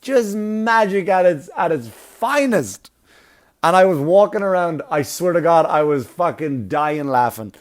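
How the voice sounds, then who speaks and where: A stand-up comedian telling a funny personal story in a profane, animated way, laughing at his own jokes. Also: on the high side, a little slow. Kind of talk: comic storytelling.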